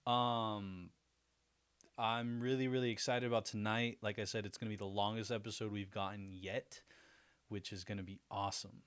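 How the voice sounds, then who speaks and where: A man's voice: lowish voice, little pitch movement, moderate pace, a bit bright, clean tone. A man hosting a casual livestream, chatty and self-deprecating, laughing often as he talks to his viewers. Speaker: livestream host.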